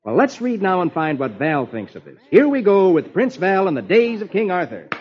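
A man hosting a vintage children's radio show, reading the funny papers aloud with a playful, sing-song lilt. His voice sits a little high and swings up and down with lively energy. The broadcast sounds muffled, with faint music underneath. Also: normal speed, breathy edge. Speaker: radio host reading the comics.

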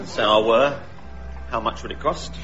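A performer voicing a timid, awkward gentleman customer in a comic radio play. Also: mid-range voice, fairly even intonation, moderate pace, faint music behind, some chatter behind, close to an everyday voice. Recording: dull lo-fi distant recording.

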